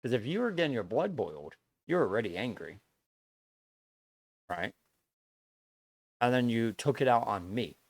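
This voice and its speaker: A man's voice: mid-range voice, big pitch swings, moderate pace, long pauses, no room sound. A man streaming live, talking bluntly to his viewers in a lecturing way, swearing and repeating himself as he makes his point. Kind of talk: casual stream chat to viewers.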